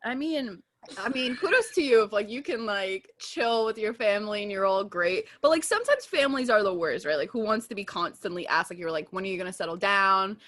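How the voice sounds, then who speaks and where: A woman in her twenties co-hosting a podcast, chatting casually, laughing a lot and swearing loudly. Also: medium pitch, sing-song, a little fast. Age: 20s. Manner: laughing, loud, rowdy swearing. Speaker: podcast co-host. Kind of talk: casual chat.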